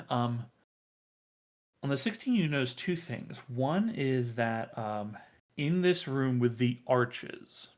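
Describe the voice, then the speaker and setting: A man narrating a tabletop game as game master, halting with many ums and uhs. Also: medium pitch.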